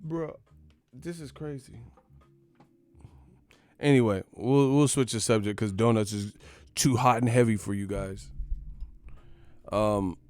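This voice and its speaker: A man's voice: fairly low pitch, takes it slowly, long pauses, darkish tone, faint music behind. Profane joking man ranting. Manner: profane, joking, rambling with laughs. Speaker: boxing channel host. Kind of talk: casual comedic rant.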